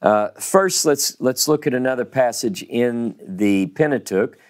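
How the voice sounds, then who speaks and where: Southern male Bible teacher, mid-pitched, unhurried, emphatic, repeats words to drive them home. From American South.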